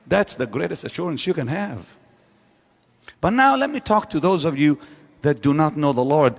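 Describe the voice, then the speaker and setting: A male preacher delivering a sermon in a slow, deliberate cadence, his pitch swinging widely between soaring peaks and hushed low drops. He presses the crowd with repeated rhetorical questions, and his voice rings out with the long reverb of a large church hall. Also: sing-song. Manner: dramatic, repetitive rhetorical questioning of the audience. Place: large church auditorium with live audience.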